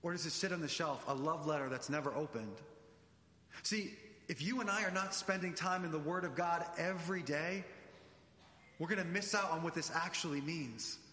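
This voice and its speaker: A man delivering an animated sermon, speaking directly to the congregation in a church. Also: on the high side, moderate pace. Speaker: preacher. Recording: echoey church hall.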